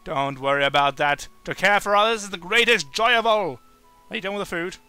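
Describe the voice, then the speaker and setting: A man's voice: high voice, lively intonation, brisk, sharp tone, faint music behind, heavily acted. A man voicing a kindly, courteous adult male caretaker in a game, speaking formally and reassuringly. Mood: explaining. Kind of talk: reading game dialogue aloud.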